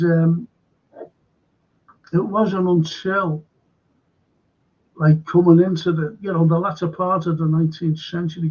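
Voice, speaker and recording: Gravelly Scouse man telling local history. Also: a little high, a little mellow. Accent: Liverpool (Scouse). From Liverpool, England. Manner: rambling anecdotal storyteller with frequent fillers. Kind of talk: casual storytelling chat. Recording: dull lo-fi sound.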